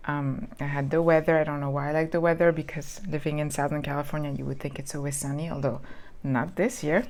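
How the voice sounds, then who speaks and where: Low-voiced woman rambling through a planner. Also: steady tone, quick pace, a little mellow. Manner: rambling, lots of ums and restarts. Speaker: planner vlogger. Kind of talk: chatty planner flip-through. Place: lives in Southern California.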